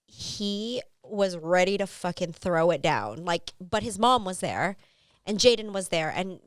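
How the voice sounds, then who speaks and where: A woman, a mother, co-hosting a casual podcast chat, telling stories with animated retellings and frequent swearing. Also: lowish voice, a little slow, clean tone, dry recording, studio quality. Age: adult with a son. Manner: animated storyteller, swears freely. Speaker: podcast co-host.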